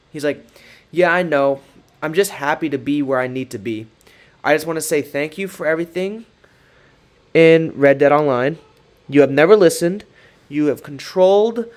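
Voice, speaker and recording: A man giving casual commentary, reading out text messages in a sarcastic, mocking way. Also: fairly high pitch. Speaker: commentary creator.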